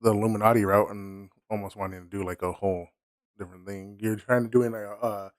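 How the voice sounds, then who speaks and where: A man's voice: fairly low pitch, quick pace, no echo, clean studio sound. A man co-hosting a podcast, chatting casually and laughing as he talks. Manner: animated, laughs while talking. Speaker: podcast co-host. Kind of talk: casual chat.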